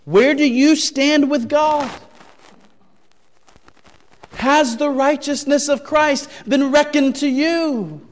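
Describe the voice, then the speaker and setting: A man preaching a sermon as pastor, deliberate and emphatic, repeating key phrases and asking searching rhetorical questions. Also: extremely high pitch, in a large hall.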